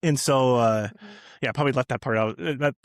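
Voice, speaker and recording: A man's voice: medium pitch, brisk, no room sound, studio quality. A man on a podcast as a guest, telling a long story in casual chat with lots of restarts and fillers.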